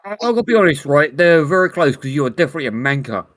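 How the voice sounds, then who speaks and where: A tipsy man, talking quickly with a chatty, repetitive flow. His voice sits mid-range, and the recording is dry and close. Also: on the high side, big pitch swings, fairly bright tone, dry recording. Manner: rapid, chatty, repeats "you know what I mean". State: drunk. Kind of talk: casual voice chat.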